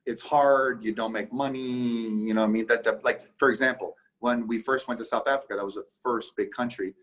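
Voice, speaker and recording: A man from Canada talks as a guest on a business podcast, in a husky, slightly rough voice. He speaks emphatically and keeps acting out conversations, switching quickly between voices. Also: mid-range voice, fairly even intonation, a bit bright. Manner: emphatic, acts out conversations in quick back-and-forth. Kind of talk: casual podcast interview.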